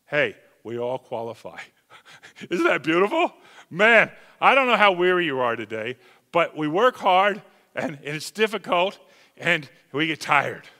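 A man preaching a sermon emphatically, rising to loud calls and dropping to hushed asides. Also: high voice, expressive, moderate pace. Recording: long hall reverb.

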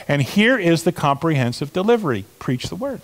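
A man's voice: a little high, very animated, a little fast. A middle-aged man preaching a sermon as pastor, talking earnestly to the congregation with emphatic stresses and asides. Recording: long hall reverb.

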